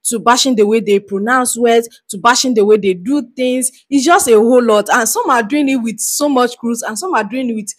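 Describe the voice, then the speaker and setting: Nigerian woman, reaction vlog host, a bit high-pitched, casual, halting chatty delivery. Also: slightly rough. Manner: chatty, halting, giggly restarts. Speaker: reaction vlogger.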